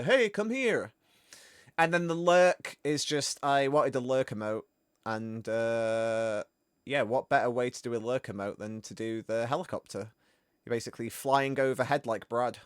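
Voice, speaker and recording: A man hosting a game stream, chatting casually in a rambling, animated way. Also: mid-range voice, normal speed, smooth, no echo, clean studio sound. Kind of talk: casual chat.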